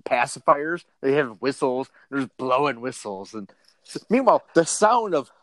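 Male comic co-host, loose and profane, very lively delivery. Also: mid-range voice, moderate pace, no echo. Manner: animated, profane, riffing. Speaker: podcast co-host. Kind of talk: casual comedic chat.

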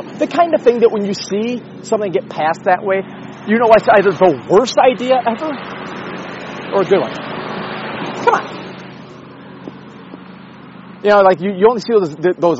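A man's voice: sits high, lively intonation, a little fast, pauses often, a little mellow, lo-fi sound, a little hiss or hum. A man rambling and swearing in a casual monologue while walking his dog outdoors, joking at his own expense. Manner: rambling, profane, self-mocking, talks to his dog. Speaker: vlogger. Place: outdoors on a neighborhood street.

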